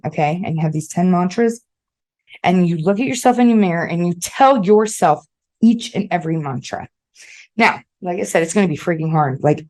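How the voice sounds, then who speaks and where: A woman's voice: sits low, mellow. A woman hosting a podcast, talking casually and bluntly to listeners, swearing freely and often checking in with "okay?". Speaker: podcast host. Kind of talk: casual motivational monologue.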